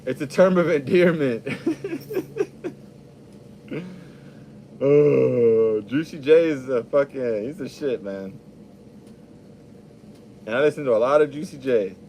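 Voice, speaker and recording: Young dude rambling and cussing on his podcast, mid pitch, bit of faint hiss. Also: a little slow, mellow. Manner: profane, rambling, laid-back storytelling. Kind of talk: casual monologue.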